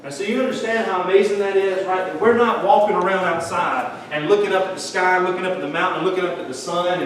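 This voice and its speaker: Slight background noise accompanies a man whose voice sits on the high side as he preaches informally in a church sanctuary. His conversational style carries Southern phrasing, and the distant mic catches the hall's echo.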